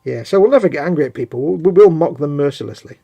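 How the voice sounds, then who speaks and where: A man's voice: fairly high pitch, expressive, fast, vocal fry, dark tone, muffled recording. A middle-aged man co-hosting a live stream, chatting and telling self-mocking stories. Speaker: co-host of a live hobby stream. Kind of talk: casual banter.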